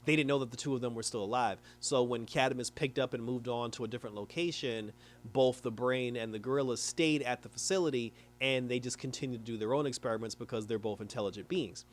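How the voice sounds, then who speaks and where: Young male reviewer, casual recap, lively, acts out the characters, laughs often. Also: mid-range voice, quick pace. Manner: animated, retells scenes acting out the characters, laughs often. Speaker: reviewer of a cartoon episode.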